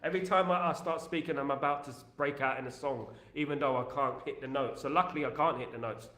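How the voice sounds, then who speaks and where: A man's voice: medium pitch, fast talker, sharp tone, echoey room. A man hosting a football fan channel, chatting casually on a live stream and reading out viewer messages in a repetitive, joking way full of filler phrases.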